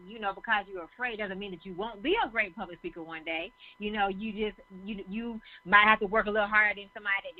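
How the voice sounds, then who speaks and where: A woman co-hosting a talk radio show, encouraging and affirming as she asks her guest guiding questions over a phone call. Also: medium pitch. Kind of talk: casual interview talk. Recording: tinny phone line.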